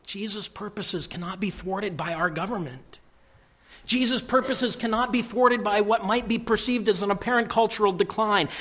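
A man preaching from the pulpit in a slightly high voice. He drives his points home by repeating phrases, rising loud and then dropping to a hush. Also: moderate pace. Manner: emphatic, repeats key phrases, swings from loud to hushed. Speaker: pastor. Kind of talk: sermon.

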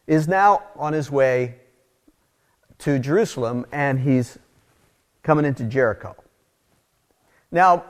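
A middle-aged man preaching a conversational sermon, telling stories with casual asides. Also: medium pitch. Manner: casual, animated, storytelling with asides. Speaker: pastor.

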